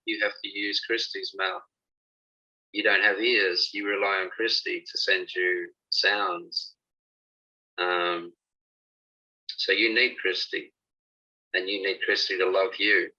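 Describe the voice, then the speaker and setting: Man, very low and very bright-edged husky voice, calm healing guide, dull lo-fi call audio. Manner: slow, instructive, reassuring guidance. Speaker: spiritual healing teacher. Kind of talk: guided healing session and talk.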